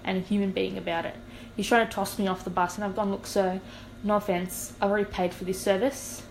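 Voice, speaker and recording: A woman's voice: mid-range voice, a little hiss or hum, rough recording. A young woman, a podcast co-host telling a long story in casual chat and acting out what people said. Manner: animated, acts out quoted dialogue.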